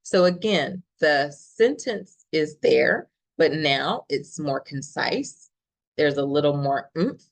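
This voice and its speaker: A woman's voice: low-pitched, expressive, slow, creaky, poor audio. A woman professor presenting a writing workshop, explaining steadily and checking in with the audience with frequent "okay?". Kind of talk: instructional workshop talk.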